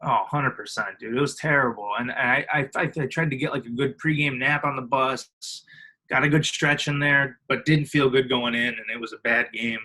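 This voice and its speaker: This twenty-something podcast guest from Illinois, US, talks at normal speed with a mid-range male voice, captured on a low-quality recording. His storytelling is casual and animated: he does impressions of other people, laughs frequently and uses plenty of filler words.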